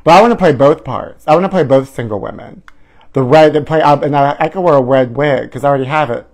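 A man's voice: a little high, fast talker, a little mellow. A man hosting a live celebrity gossip stream. He talks in a campy, theatrical way, calls viewers honey and trashy, and swoops up into mock outrage.

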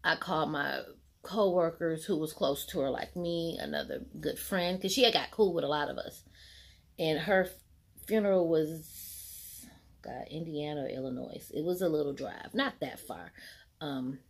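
A woman's voice: deep voice, moderate pace, gravelly, breathy edge. A woman in her forties telling a personal story in a casual vlog. She rambles with many fillers, reenacts what people said, and drops to a near-whisper at emotional moments. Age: 40s. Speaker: storytelling vlogger. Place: home set lit by a ring light.

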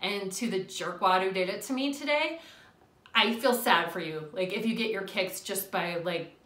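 A young woman telling an animated, exasperated storytime rant at home, swearing and laughing as she goes. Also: medium pitch, normal speed, roomy sound. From US Midwest. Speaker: vlogger.

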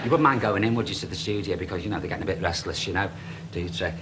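Camp brassy drag host. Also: male voice, low voice, racing, heavy background noise. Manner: brassy camp patter in a female persona. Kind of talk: comic sketch with studio audience.

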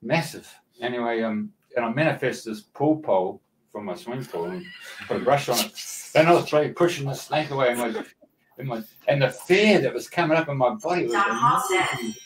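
A man with an Australian accent, a radio host telling a dream story in casual chat, animated and laughing as he talks. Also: mid-range voice, brisk, far from the mic, slight background noise, poor audio.

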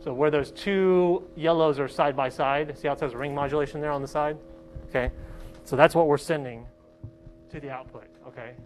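A college professor with a fairly high, steady voice speaks at a moderate pace in a low-quality recording. He's running a casual, hands-on classroom demonstration, often asking his students "okay?".

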